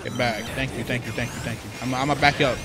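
A man's voice: mid-range voice, fairly even intonation, quick pace, heavy background noise. A man giving playful gameplay commentary, trash-talking opponents as he plays. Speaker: gaming YouTuber. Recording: game music behind voice. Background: video game music.

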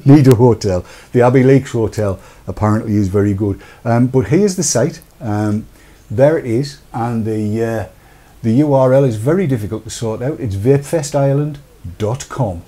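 A middle-aged British man hosts a casual live-stream chat, joking and rambling as he reads viewer comments aloud. His mid-range voice is mellow and moves at a moderate pace.

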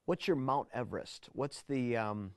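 Male interview host, easygoing questions, mid-pitched, dry close recording. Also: animated, unhurried, no echo. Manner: casual, joking questions. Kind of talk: interview conversation.

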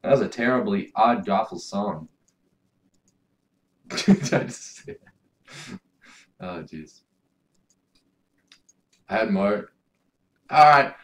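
Swearing, shouting gameplay commentator man. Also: fairly low pitch, animated, very slow, pauses often. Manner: yells and curses at the game. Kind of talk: video game commentary.

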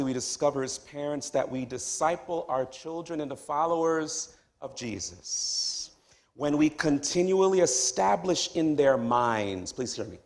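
A man preaching a sermon as pastor of a church, dropping to hushed tones and then rising to loud, high exclamations. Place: church sanctuary.

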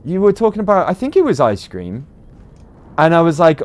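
A man's voice: on the high side, wildly swooping pitch, fairly quick. A man with a British accent, chatting casually to viewers while livestreaming a game, rambling with lots of ums and uhs. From Britain. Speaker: game streamer.

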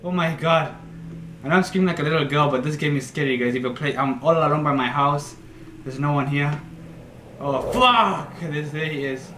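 A man's voice: fairly high pitch, steady tone, fairly quick, a bit bright. A young man, a YouTuber playing a horror game, jumpy and swearing, letting out shrieks when startled. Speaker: gaming YouTuber. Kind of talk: horror game let's play commentary. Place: room at home. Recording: echoey room with faint noise.

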